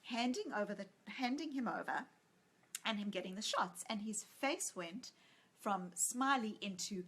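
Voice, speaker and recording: This is a woman with a husky, slightly breathy voice, talking as a psychologist and author in a relaxed interview. Her pitch sits in the middle range for a woman. She tells stories with real energy and acts out the lines people said in them. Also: unhurried. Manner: animated storyteller who acts out quoted lines. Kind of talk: conversational interview.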